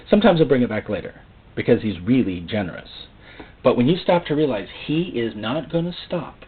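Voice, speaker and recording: A man preaching a sermon in an animated way, often acting out God's voice and the people he quotes. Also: medium pitch, husky. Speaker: pastor. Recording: phone-like narrow sound.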